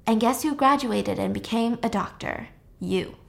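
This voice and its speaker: A woman chatting through a show's plot in a loose, animated way. She swears freely and jumps into the characters' voices mid-story, and her voice sits a little on the high side. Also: unhurried, creaky. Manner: animated, profane, quotes characters. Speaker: show recapper. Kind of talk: casual storytelling recap.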